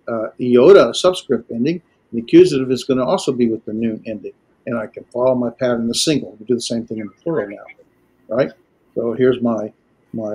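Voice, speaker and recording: A man teaching a language class, lecturing in a halting way with many filler pauses. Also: mid-range voice, darkish tone, breathy edge. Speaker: Greek teacher.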